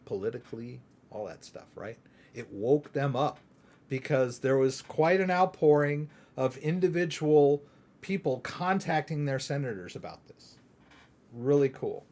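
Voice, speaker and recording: A man's voice: a little high, a little mellow. A middle-aged man from Texas hosting a live crypto Q&A stream, chatty and rambling, often tagging his points with "right?". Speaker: crypto channel host.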